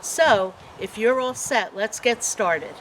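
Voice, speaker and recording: A woman's voice: on the high side, slow, slight background noise. A woman librarian reading picture books aloud at a children's storytime, asking the children questions. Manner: animated, asks children questions.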